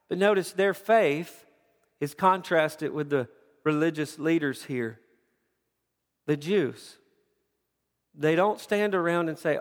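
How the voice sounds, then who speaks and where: Impassioned high-voiced male preacher, hall reverb. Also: slow, long pauses. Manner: impassioned, repeats words as he builds. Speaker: pastor. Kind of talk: sermon. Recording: long reverb of a large hall.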